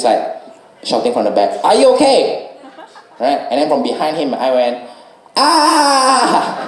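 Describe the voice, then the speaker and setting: Singaporean male stand-up, average pitch, loose rambling delivery, roomy stage echo. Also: a little mellow, slight background noise. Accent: Singaporean English. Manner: loose, rambling delivery with "you know" and "right?" tags. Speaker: stand-up comedian. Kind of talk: stand-up storytelling.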